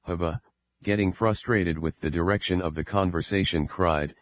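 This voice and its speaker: Deep-voiced man narrating an audiobook. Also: moderate pace, muffled recording. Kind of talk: scripted narration.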